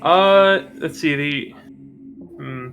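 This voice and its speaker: Guy running the game, kinda high voice, lots of uhs, music in the background. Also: drawn-out words, fairly bright tone. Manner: hesitant, frequent filler sounds. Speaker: game master.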